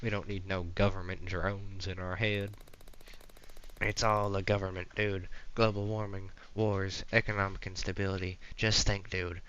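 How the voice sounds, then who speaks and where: A man's voice: deep voice, level tone, normal speed, highs cut off. Man doing a rowdy Southern punk. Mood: ranting. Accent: American Southern, put on. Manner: loud, slangy, ranting. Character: rowdy young male anti-government skater punk.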